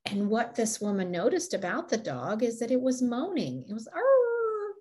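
A woman's voice: fairly high pitch, lively intonation, normal speed, mellow, husky. Laughing woman telling a motivational story. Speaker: podcast co-host. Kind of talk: motivational talk.

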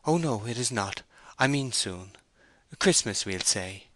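A proud young woman farm owner, torn and anxious, her words tumbling out earnestly, as a male reader puts her on. The voice sits just above a man's own low register, bright and forceful, in a dry, close recording. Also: expressive, a little slow, no room sound. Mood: troubled. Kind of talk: audiobook character voice.

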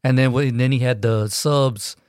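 A man's voice: medium pitch, steady tone, moderate pace, a little mellow, no echo. Profane rambling man, dry close mic. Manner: rambling, profane, many restarts. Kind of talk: casual storytelling chat.

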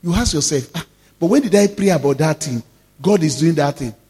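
A man's voice: fairly high pitch, lively intonation, a little fast, mellow, big-room sound. A man preaching a sermon as pastor, stressing and drawing out words and calling out to the congregation.

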